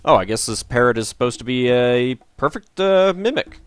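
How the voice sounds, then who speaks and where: A man casually commenting while playing a game, musing and hesitant with many pauses. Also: medium pitch, expressive, smooth, faint music behind. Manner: musing, hesitant, lots of uhs. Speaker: let's player.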